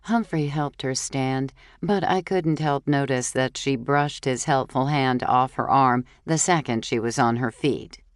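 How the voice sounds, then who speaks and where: Slow, low-voiced woman narrating. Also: no room sound, studio quality. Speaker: audiobook narrator. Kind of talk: scripted narration.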